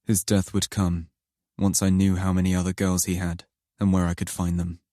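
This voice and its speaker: A man narrating an audiobook in first person, in a slow, low, intimate and brooding manner. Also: monotone, warm tone, no echo, studio quality.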